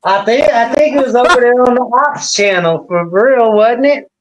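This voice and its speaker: A man's voice: extremely high pitch, moderate pace, low-quality recording. A man speaking as a guest in a casual panel chat, teasing the host with dry ribbing.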